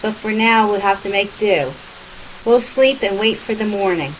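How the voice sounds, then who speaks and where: A woman's voice: medium pitch, normal speed, a little hiss or hum, close to an everyday voice, rough recording. A woman voicing a practical young man who speaks in a plain, reassuring way.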